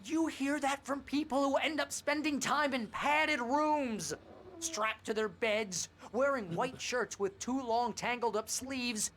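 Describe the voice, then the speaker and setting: A man's voice: very high-pitched, slow pace, fairly bright tone, heavily acted. An actor playing a fretful, sarcastic male literary agent in a video game, talking in a whiny, worried way. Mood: mocking. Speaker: game character.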